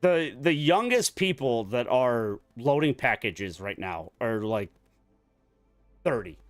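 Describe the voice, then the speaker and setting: A man's voice: medium pitch, very animated, slow, dry recording, faint music behind. A man in his forties chatting casually while gaming online, telling a long, profane story from work in a rambling way. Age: 40s. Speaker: gaming streamer.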